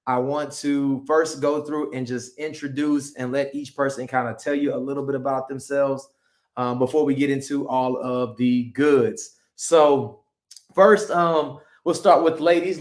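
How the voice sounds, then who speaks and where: A man hosting a live stream, hyped and upbeat, introducing guests in an excited chatty way. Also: on the high side. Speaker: host. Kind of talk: excited livestream chat.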